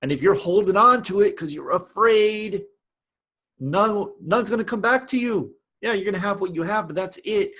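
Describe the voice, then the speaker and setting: A man's voice: high voice, moderate pace, fairly bright tone. A man vlogging about online business, giving a passionate, repetitive motivational rant.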